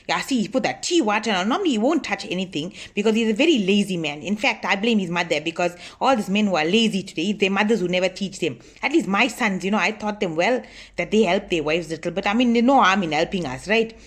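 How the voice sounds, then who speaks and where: A chatty, scolding older auntie, put on by a woman in a comic sketch, talking straight to her viewers. She gossips and grumbles about her husband in a lively, nosy way, with a middle-pitched voice. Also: fast talker, lightly acted. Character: bossy older auntie, long-married, scolding lazy husband. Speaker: comedy sketch character. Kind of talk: comic monologue to camera.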